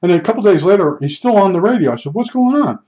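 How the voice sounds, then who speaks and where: A man's voice: high voice, animated, racing, warm tone. An older man telling long, rambling stories from his life in a chatty way, full of fillers and restarts. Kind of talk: casual storytelling. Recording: dull lo-fi recording.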